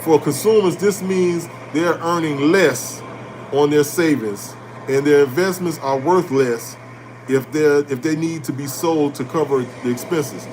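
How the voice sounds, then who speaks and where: A man hosting an animated motivational talk on finance, blunt and preachy, repeating his points and swearing casually. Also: on the high side, unhurried, noisy background. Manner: preachy and emphatic, repeating lines for effect. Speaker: host.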